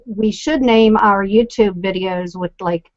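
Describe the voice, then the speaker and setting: A woman's voice: medium pitch, measured pace, dry recording. Chatty woman explaining stuff on a web show, dry close sound, kinda lo-fi. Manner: chatty, explains with examples, many fillers. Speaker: co-host. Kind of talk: casual online show discussion. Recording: dry, lo-fi call audio.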